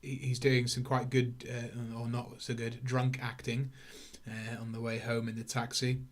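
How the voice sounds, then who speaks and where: A man's voice: medium pitch, little pitch movement, unhurried. A man hosting a casual film review podcast, talking in a rambling, stop-start way. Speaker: podcast host.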